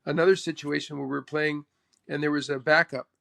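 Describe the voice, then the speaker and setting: A man from Canada, a pro golfer, telling stories in an interview in an animated way, acting out what others said. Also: fairly high pitch, a little fast, gravelly. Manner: animated, acts out the other person's speech. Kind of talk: storytelling interview.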